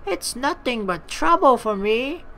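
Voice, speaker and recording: A woman as cranky elderly innkeeper woman, shrill and scolding, video game read-through. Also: expressive, unhurried, fairly bright tone, poor audio. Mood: exasperated. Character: cranky old female innkeeper, scolding and impatient.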